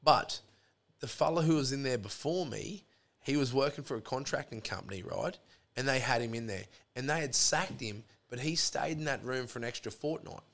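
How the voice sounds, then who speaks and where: A man with an Australian accent tells a crude story in loose, profane chat. He jumps into the voices of the people in it as he goes. His pitch sits at an ordinary middle height. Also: lively intonation, moderate pace, a bit bright. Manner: crude, profane yarn-spinning, acts out both sides of remembered arguments. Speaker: podcast guest.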